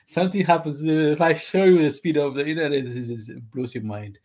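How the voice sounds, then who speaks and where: A man's voice: fairly high pitch, darkish tone, breathy edge. Rambling man on a video call. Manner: rambling, many fillers, laughs between points. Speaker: guest. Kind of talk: casual conversation over video call.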